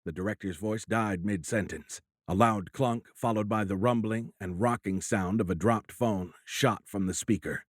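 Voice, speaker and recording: This scripted thriller audiobook is read by a man whose voice is low and measured. He keeps the drama steady, and the audio sounds dry and close-miked, with no sense of the room around him.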